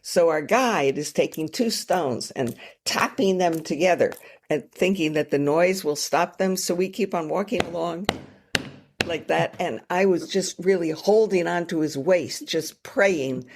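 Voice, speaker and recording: Gravelly-voiced woman telling travel stories. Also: fairly low pitch, measured pace, slight background noise. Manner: animated, self-mocking storytelling with laughs. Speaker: guest, travel author. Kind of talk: storytelling in a podcast interview.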